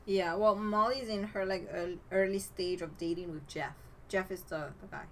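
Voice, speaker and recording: A woman's voice: mid-range voice, steady tone, moderate pace, fairly bright tone, rough recording. Woman chatting thru a movie plot, laughs a lot, keeps pulling it back on track, faint hiss. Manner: laughs often, steers the story back on track. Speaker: podcast co-host. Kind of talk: casual movie recap chat.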